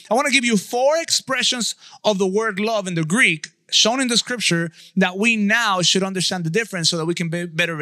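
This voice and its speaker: A man's voice: sits high, bright, forceful tone, no echo, studio quality. A man in his thirties giving a conversational sermon, often checking in with his listeners. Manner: conversational preaching, asks the audience. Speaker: pastor.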